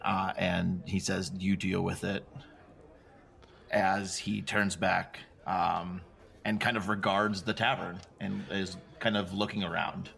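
Low gravelly guy playing a tabletop game, flat calm voice, lots of ums. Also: measured pace. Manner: calm, hesitant, many fillers. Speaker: player.

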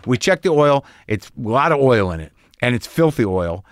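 An older male podcast host with a mid-range, very animated voice tells a rambling story at normal speed, full of wry exasperation. He acts out both sides of the conversation, and the recording is dry with clean studio sound.

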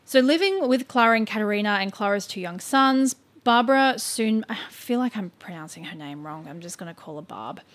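A woman's voice: medium pitch, fairly bright tone. A woman co-hosting a podcast, telling a story in a casual, chatty way full of "like" and "um" and stumbling over names. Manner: chatty, filler-heavy with frequent "like" and "um".

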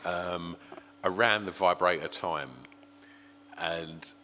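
A man's voice: low-pitched, steady tone, takes it slowly, sharp tone. A man hosting a casual chat, mostly giving short interjections. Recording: roomy reverb, faint hum.

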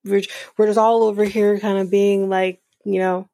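A woman's voice: medium pitch, little pitch movement, moderate pace, vocal fry, warm tone, dry recording, clean studio sound. A woman hosting a podcast, recapping a show in snarky casual chat, swearing and acting out quotes. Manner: snarky, swears, laughs often, acts out quotes. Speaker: podcast host.

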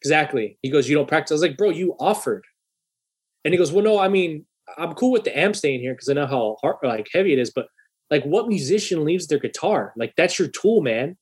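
Husky-voiced man telling a heated story. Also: on the high side, brisk. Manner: profane, animated, acts out heated dialogue. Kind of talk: casual storytelling.

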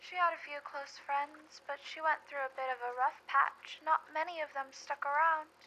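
An actress playing a young female housemate, speaking in a soft, sugary and faintly unsettling way. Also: high voice, fairly even intonation, moderate pace, a little hiss or hum, low-quality recording. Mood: sweet. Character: sweet, oddly cheerful young female housemate.

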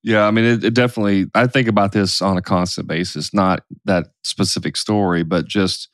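Podcast co-host, adult man, very low voice, dry close sound, candid and rambling. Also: steady tone, brisk, no echo. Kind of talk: casual chat.

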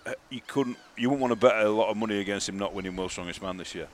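Fast-talking low-voiced man. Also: a little hiss or hum. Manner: fast, matter-of-fact, confident. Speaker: podcast co-host. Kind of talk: casual podcast chat.

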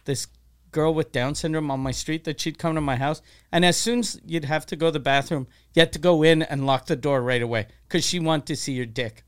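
Clear-voiced man telling stories. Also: on the high side, fairly quick. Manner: animated storyteller acting out quotes, laughing often. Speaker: podcast co-host. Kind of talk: casual chat.

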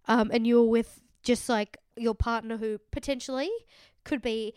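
Sarcastic woman, smooth voice. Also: on the high side, moderate pace, a little mellow, no room sound, studio quality. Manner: sarcastic, blunt, swears. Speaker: podcast co-host. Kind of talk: casual chat recapping a reality show.

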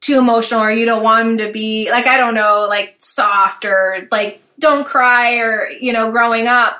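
Bright-voiced casual woman podcast host. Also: a little high. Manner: casual, many "like" fillers, thinking aloud. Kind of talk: podcast conversation.

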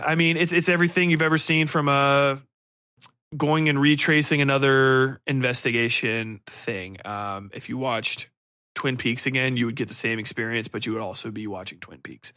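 A man's voice: on the high side, sharp tone, dry recording, clean studio sound. A man hosting a podcast, reviewing a book in a casual, sardonic, profane ramble. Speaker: podcast host.

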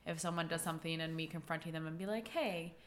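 A woman's voice: low-pitched, little pitch movement, a bit bright. Woman, casual podcast chat, filler-heavy, laughing often. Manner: chatty, many likes, quick laughs.

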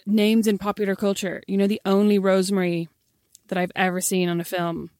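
A young woman co-hosting a podcast, chatting with her sister in a quick, opinionated and dryly witty way, then reading the show's sign-off. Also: medium pitch, little pitch movement, darkish tone, dry recording. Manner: quick, opinionated, dry wit. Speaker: podcast co-host. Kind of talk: casual chat, podcast sign-off.

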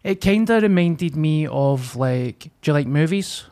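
A man's voice: a little high, expressive, a little slow, darkish tone. A man hosting a podcast, chatting in a loose, joking way. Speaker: podcast host. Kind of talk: casual chat.

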